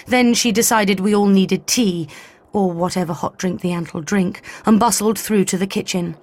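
Husky-voiced woman narrating a story. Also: mid-range voice. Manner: even, measured storytelling. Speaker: audiobook narrator. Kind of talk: scripted first-person narration. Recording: faint background music.

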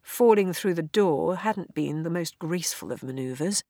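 A woman narrating an audiobook in a measured, expressive storytelling voice. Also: lowish voice, dry recording, clean studio sound. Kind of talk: audiobook reading.

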